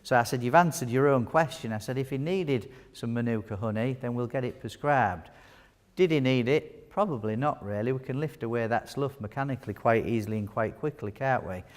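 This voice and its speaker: A male wound care nurse presenter speaks fairly quickly in a mid-range voice during a live teaching talk. Before an audience in a large hall, he chats, cracks jokes and quizzes people, and long hall reverb is audible.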